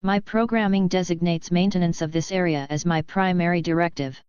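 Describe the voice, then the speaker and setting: Brief: woman narrator doing a cheerful service robot, eager and formal, low smooth voice. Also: steady tone, fairly quick, darkish tone, dry recording, muffled recording, close to an everyday voice. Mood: chipper. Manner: chipper, formal. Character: chipper eager male maintenance robot.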